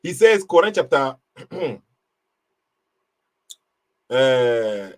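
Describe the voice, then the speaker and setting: Speaking extremely slowly yet very animated, a man with a mid-range voice hosts a live online debate, emphatically mocking the caller's reasoning in casual commentary.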